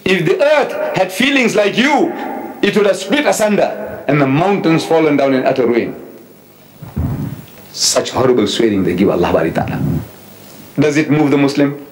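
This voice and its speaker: A man in his seventies giving a public religious lecture, emphatic and animated, with wry asides. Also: a little high, low-quality recording. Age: 70s. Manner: recites Arabic verses quickly, then explains them. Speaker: Islamic lecturer.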